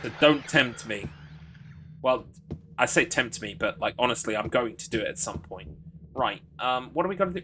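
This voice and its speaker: A man's voice: medium pitch, expressive, brisk, sharp tone, slight background noise. A man streaming a horror game live, chatting casually in a rambling, crude, joking way with plenty of fillers.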